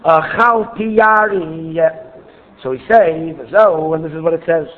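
An earnest man gives a Torah class, expressive and prone to restarting phrases. His voice sits fairly high. The recording is thin and tinny, like a phone line. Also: a little slow. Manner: earnest, expressive, repeats words when restarting. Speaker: Torah teacher.

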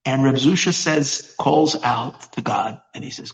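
A male preacher telling a religious story in an animated way, often repeating and restarting his words. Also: mid-range voice, a little slow, hardly any pauses, low-quality recording. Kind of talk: storytelling sermon.

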